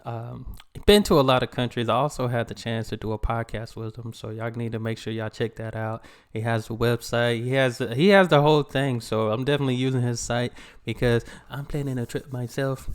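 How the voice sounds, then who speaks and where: A man's voice: medium pitch, clear, resonant tone. Chill guy doing a reaction video, normal mid voice, just chatting with his viewers. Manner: relaxed, chatty, laughs along easily. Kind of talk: casual reaction commentary.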